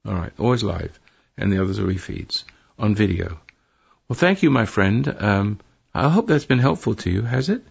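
An older male radio host with a very gravelly, husky voice rambles through spiritual advice to a caller. He talks in a preachy way and keeps correcting himself. The broadcast sounds dull and lo-fi. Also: fairly low pitch, very animated, moderate pace. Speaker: radio talk show host. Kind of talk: advice to a caller on a call-in show.

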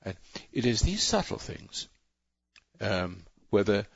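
A man's voice: on the low side, very animated, slow pace, gravelly, no room sound, dull audio. A man hosting a call-in radio show, lecturing in a rambling, preachy way and often breaking off mid-sentence. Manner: rambling, self-interrupting, preachy. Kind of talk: talk radio monologue.

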